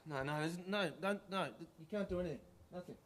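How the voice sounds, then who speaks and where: A man's voice: high voice, a little fast, lightly acted. A man playing a frightened, paranoid man off his medication, agitated and stammering, repeating himself. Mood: fearful.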